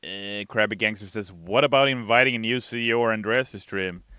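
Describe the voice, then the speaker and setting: Brief: male stream host, lowish pitch, crisp and smooth, dry close sound, easygoing chat-reading delivery. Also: a little fast, dry recording. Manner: relaxed, reads chat messages aloud and answers them. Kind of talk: casual livestream chat while playing. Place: studio.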